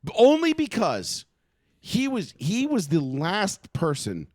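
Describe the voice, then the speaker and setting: A man hosting a casual sports podcast, loud with opinions and quick to swear for emphasis. His voice sits a little high, and the recording is dry with no room sound. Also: huge pitch swings, no room sound. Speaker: podcast host.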